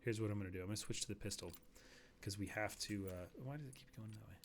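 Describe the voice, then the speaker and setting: A man with a fairly low voice chats loosely through a hunting game, wandering off on side topics and going quiet and hushed when he sneaks up on animals. A faint hum of room ambience sits behind him. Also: quick pace. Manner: chatty, rambling, drops to a near whisper while sneaking. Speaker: streamer. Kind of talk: casual gameplay commentary.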